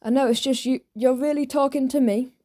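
Joe is a lonely, earnest schoolboy with a stubborn streak, put on by a woman reading a storybook. The voice is light, a little high and mellow. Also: steady tone, brisk, lightly acted. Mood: shy. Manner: defiant, earnest. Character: lonely, sulky schoolboy, rich man's son.

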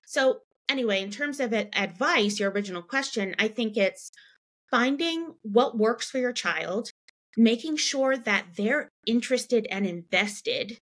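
A woman in her thirties, a mother and podcast guest, telling a story in a relaxed interview, full of "you know" and "right?". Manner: animated, acts out quoted dialogue in a raised pitch; chatty, many "you know" and "right?" fillers. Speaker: guest, parent.

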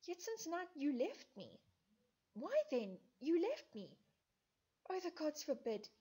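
A woman voicing a short, heartbroken young woman in a play, asking in high, pleading disbelief why her lover has turned on her. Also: big pitch swings, slow pace, warm tone, heavily acted. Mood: pleading, distraught.

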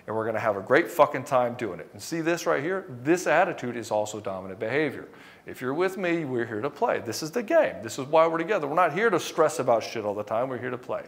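A man with a middle-pitched voice delivers a motivational coaching talk. He speaks bluntly and emphatically, swearing freely as he hammers his points home. Now and then he slips into acting out what a wife or husband might say. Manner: acts out quoted dialogue. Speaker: relationship coach.

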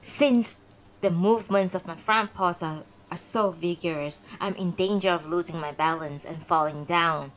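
Woman reading a novel aloud, expressive. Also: lowish voice, poor audio. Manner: expressive reading with pauses and self-corrections. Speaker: narrator and streamer. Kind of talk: live-streamed audiobook reading.

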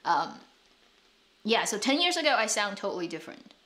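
A woman's voice: medium pitch, very animated, a little fast, bright, forceful tone. A woman whose first language is Chinese, speaking English with a North American accent, chatting casually to camera as a drama channel host, rambling with restarts and light laughs.

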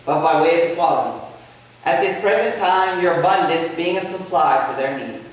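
Man, pastor, sermon, animated and humorous, reverberant church, distant from microphone. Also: high voice. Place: church sanctuary. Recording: echoey church, speaker far from mic.

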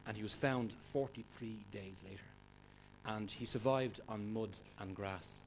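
A man doing stand-up comedy, loud and energetic, swearing and mimicking for the crowd. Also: on the low side, a little slow, creaky. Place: comedy club stage before audience. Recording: noisy live club recording.

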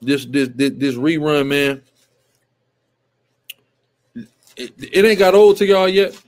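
Male host, slightly high voice, emphatic live commentary, repetitive. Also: expressive, slow pace. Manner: emphatic and repetitive, often asks "right?". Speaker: show host.

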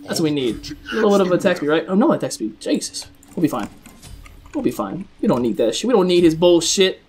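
A man hosting live gameplay commentary, excitable, swearing often and chatting to his viewers. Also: high voice, fast talker, slight background noise. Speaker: gaming video host.

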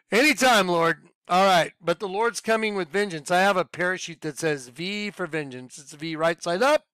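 A man giving an informal, rambling video sermon to his followers, excitable and laughing at his own points. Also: high voice, moderate pace, smooth, no room sound. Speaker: online preacher.

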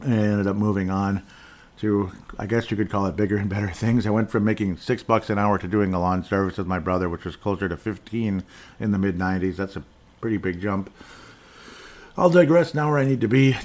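A middle-aged man hosting a casual solo sports podcast, rambling and digressive with chuckling asides. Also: lowish voice. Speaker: podcast host.

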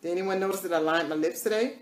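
A woman's voice: lowish voice, reverberant. A woman chatting casually through a live makeup tutorial, repeating catchphrases in a sing-song way. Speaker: makeup vlogger.

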